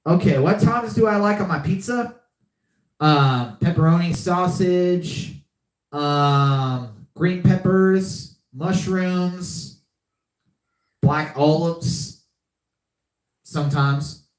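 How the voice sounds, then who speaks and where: Speaking slowly with long pauses, this young podcast host has a high voice that echoes in a reverberant room. It's casual live-stream chatter, and he tends to repeat himself.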